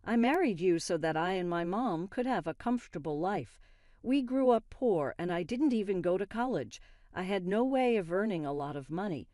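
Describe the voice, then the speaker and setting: A woman's voice: fairly low pitch, lively intonation, normal speed, dark tone, no echo, studio quality, close to an everyday voice. A woman voicing a greedy, scornful young husband in a plain, blunt read. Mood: cold.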